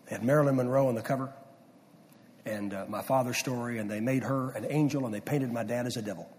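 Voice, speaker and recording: A middle-aged man preaching a sermon, swinging from loud emphasis down to hushed near-whispers. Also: mid-range voice, fast. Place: church sanctuary. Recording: distant mic with long hall reverb.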